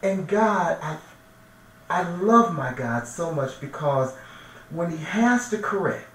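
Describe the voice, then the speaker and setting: Speaking slowly but with animation, this minister has a fairly high, fairly bright voice. His testimony is earnest and full of emotion, with frequent repetition as he gropes for the right words, captured in an echoey room on a distant mic with faint noise.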